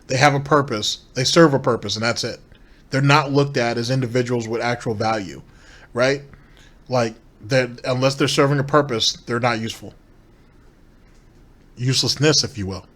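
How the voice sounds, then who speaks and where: A man's voice: mid-range voice, normal speed, long pauses, fairly bright tone. A man hosting a commentary show, reacting critically and sarcastically to a streamer's clips with rhetorical questions. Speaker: commentary channel host.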